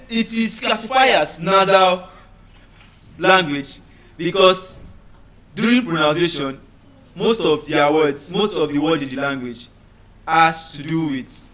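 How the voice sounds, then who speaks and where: High, bright-voiced male teacher. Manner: deliberate, repeats words to drill students, checks understanding. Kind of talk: classroom lecture.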